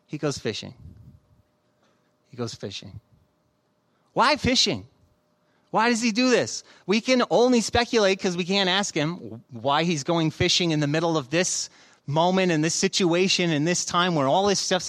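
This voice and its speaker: A man's voice: sits high, moderate pace, a bit bright. A man in his thirties preaching a sermon, reading scripture and telling stories in a conversational way, often asking questions. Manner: conversational, storytelling with rhetorical questions. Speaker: pastor.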